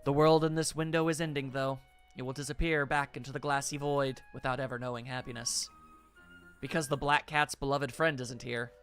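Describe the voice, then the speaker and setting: A streamer reading a quiet, mysterious young girl who speaks softly in a game. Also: medium pitch, little pitch movement, brisk, faint music behind, natural voice. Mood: gloomy. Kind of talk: game dialogue read aloud.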